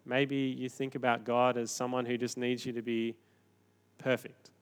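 A man's voice: medium pitch, normal speed, clear, resonant tone. Conversational man preaching. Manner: conversational, animated, shifting from quiet to emphatic. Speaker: pastor. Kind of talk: sermon.

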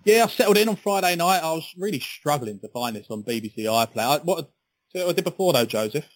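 A man's voice: on the high side, lively intonation, quick pace, no room sound, low-quality recording. A man co-hosting a sports podcast in casual, chatty talk, often repeating his words. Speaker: podcast co-host.

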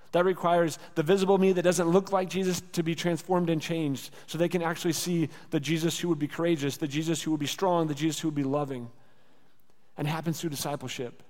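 A man's voice: a little high, darkish tone. Earnest male pastor in a reverberant hall. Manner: earnest, conversational preaching with rhetorical repetition. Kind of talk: sermon. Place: church sanctuary.

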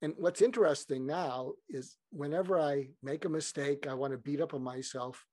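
A man's voice: fairly high pitch, moderate pace, a little mellow, no echo. Rambling man, dry close sound. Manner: meandering, frequent restarts. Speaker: podcast guest. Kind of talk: casual rambling storytelling.

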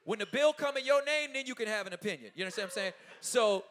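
A man in his thirties giving a casual, animated talk to an audience, often checking in with his listeners and laughing as he goes. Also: sits high, fast talker. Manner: loose, informal phrasing with laughs. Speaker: artist speaking at a talkback.

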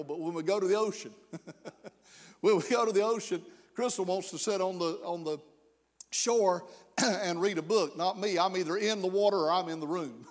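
Male pastor, middle-aged, sermon, high voice, folksy, emphatic, long hall echo. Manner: folksy preaching with self-deprecating humor, rising to slow emphatic pleas.

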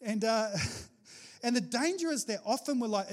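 Animated high-voiced male pastor preaching. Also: moderate pace. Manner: animated, jokey preaching with rising exclamations. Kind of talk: sermon.

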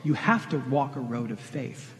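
A man's voice: mid-range voice, normal speed. A middle-aged man preaching a sermon, earnest and direct, pressing questions on his congregation. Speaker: pastor. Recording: long reverb of a large hall.

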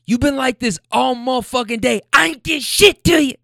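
A man voicing a furious young woman who screams in a street fight, shrill and very high. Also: normal speed, creaky, pushed and bright, no room sound, studio quality, exaggerated voice. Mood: screaming.

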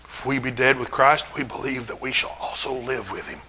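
A middle-aged man, preaching a folksy, humorous sermon in a church with drawn-out emphasis. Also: mid-range voice, fairly even intonation, bright, forceful tone, slight background noise, rough recording. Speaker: pastor.

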